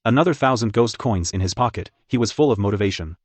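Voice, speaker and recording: A man reads scripted narration in a measured storytelling way. His voice sits fairly low. The recording is dry and close with no room echo. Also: animated.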